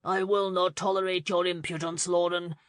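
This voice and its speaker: Woman putting on a bellowing greedy uncle, gruff, defensive, dry audiobook voice. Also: high-pitched, little pitch movement, moderate pace, fairly bright tone, no echo. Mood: shouting. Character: corpulent blustering middle-aged uncle, greedy and gruff. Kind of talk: audiobook character reading.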